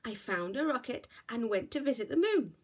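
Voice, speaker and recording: Little storybook bear cub, boy, innocent and eager; high voice, played by a woman reader. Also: big pitch swings, moderate pace, a little mellow, breathy edge. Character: small curious adventurous bear cub boy.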